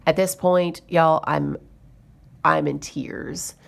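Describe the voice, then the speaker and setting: A woman's voice: sits low, fairly even intonation, slow pace, creaky. A woman chatting to camera as a budgeting vlogger, telling a story in a chatty, exasperated way. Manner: chatty, exasperated retelling with fillers. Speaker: budgeting YouTuber.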